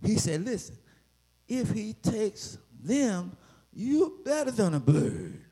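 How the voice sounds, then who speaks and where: A man preaching a sermon with dramatic swells, bursts of shouting and playful asides. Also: high voice, sing-song, takes it slowly, husky.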